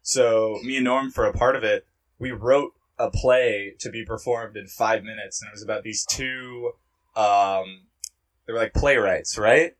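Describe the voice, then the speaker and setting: A man's voice: lowish voice, fairly even intonation, a little slow, far from the mic, poor audio. A young man co-hosting a podcast in casual chat, joking and rambling through stories with frequent laughs. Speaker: podcast co-host.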